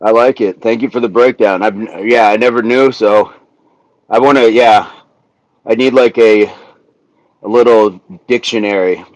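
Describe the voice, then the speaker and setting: A man's voice: on the low side, a little slow, long pauses, a little mellow, dry recording, low-quality recording. An American man hosting a fitness live stream, chatting casually and reading viewer comments, laughing easily. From US South, raised in the Midwest. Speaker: fitness livestream host. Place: California.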